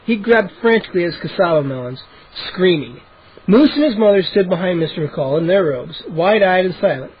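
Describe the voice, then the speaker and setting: A man's voice: high voice, lively intonation, a little fast, husky. A man cold-reading a children's book aloud, with occasional slips and restarts, in a dull lo-fi home recording. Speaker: audiobook reader. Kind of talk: cold-read storybook narration.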